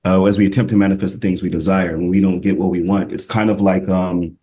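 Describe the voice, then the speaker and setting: A man's voice: low-pitched, steady tone, fast, warm tone, slightly rough. A man in a group call sharing a spiritual reflection in a casual, hesitant way, with many ums and restarts. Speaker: group member.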